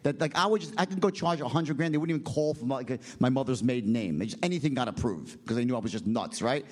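Profane, rambling middle-aged man telling a story. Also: fast. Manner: rambling, profane, keeps adding "right?"; animated, jumps in pitch when quoting people. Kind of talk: casual spoken anecdote.

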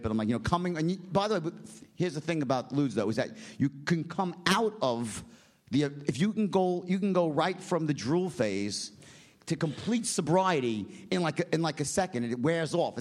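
A middle-aged man tells a long story in loose, rambling fashion at a mid-range pitch. He swears freely, keeps checking in with a quick "right?", and gets animated, his voice leaping up whenever he quotes someone. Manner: animated, jumps in pitch when quoting people. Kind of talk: casual spoken anecdote.

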